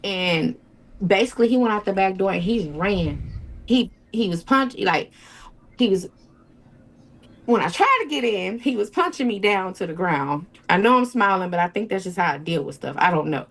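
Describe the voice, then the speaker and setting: A woman guest in an interview, telling a personal story in a halting, emotional way and acting out what people said. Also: mid-range voice, expressive, fairly bright tone. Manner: tells events with quoted dialogue, emotional, halting.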